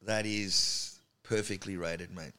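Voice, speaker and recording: A middle-aged man with an Australian accent, a guest comedian chatting casually and telling animated stories. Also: deep voice, slow pace, clean tone. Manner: animated, slips into impressions of other people. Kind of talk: casual chat, storytelling.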